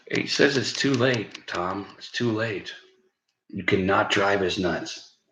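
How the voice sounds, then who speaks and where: Taking it slowly in a fairly low, slightly bright voice, a man runs a casual late-night live stream, chatting with viewers in the comments. He rambles, swears and laughs at his own lines, recorded in an echoey room with faint background noise.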